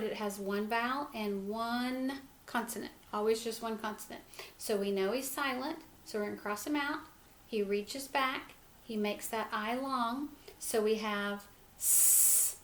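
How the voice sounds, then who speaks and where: Slow, gentle woman teaching phonics. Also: fairly high pitch, slight background noise. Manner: slow, sounds words out letter by letter; gentle, encouraging. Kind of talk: phonics lesson for young children. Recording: echoey room with faint ambience.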